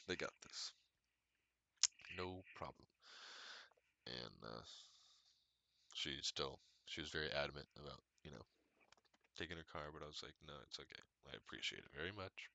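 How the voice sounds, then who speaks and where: Very deep-voiced man, bright and dry. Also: gravelly. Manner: profane, rambling, laughs often. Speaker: podcast host. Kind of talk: casual storytelling monologue.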